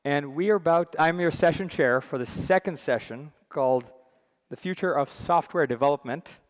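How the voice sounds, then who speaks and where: A man introducing himself as session chair on a conference stage, relaxed and chatty with many fillers. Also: fairly high pitch, moderate pace. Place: large conference hall. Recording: long hall reverb.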